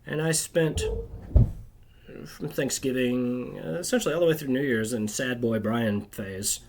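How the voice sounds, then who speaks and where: A man's voice: mid-range voice, a little slow, noisy background. A man telling a rambling, bitter personal story to camera, agitated and constantly tagging his sentences with "right?". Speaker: video creator.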